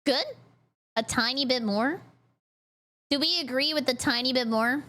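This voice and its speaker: A woman streamer chatting casually on a live stream, excitable and giggly, squealing greetings to her chat. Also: high voice, measured pace.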